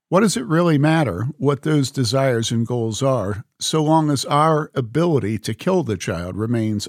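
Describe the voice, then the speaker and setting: A man reading a book aloud in a measured, earnest way, speaking the quote marks as he goes. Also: mid-range voice, no echo, clean studio sound. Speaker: reader.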